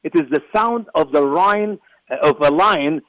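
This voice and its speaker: A man from Egypt, a guest giving forceful, repetitive, preacher-like commentary on a religious talk show. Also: a little high, a little slow, no echo, poor audio. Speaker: guest, ministry founder.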